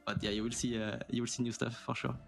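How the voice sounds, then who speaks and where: A man being interviewed as an esports player, giving halting answers full of fillers. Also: mid-range voice, little pitch movement, gravelly, soft background music. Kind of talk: post-match interview.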